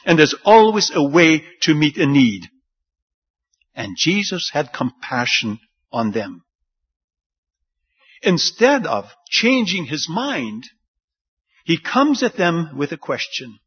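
Animated preacher man, lively pitch. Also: slow, long pauses, husky. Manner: animated, acts out the disciples' lines with rising pitch. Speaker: pastor. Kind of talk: sermon. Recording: dull lo-fi sound.

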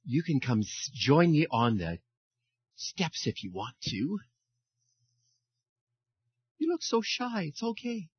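A man leading a children's message in church, speaking in a friendly, animated way to children and reading them a story. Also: fairly high pitch, takes it slowly, pauses often, slightly rough, no room sound, dull audio.

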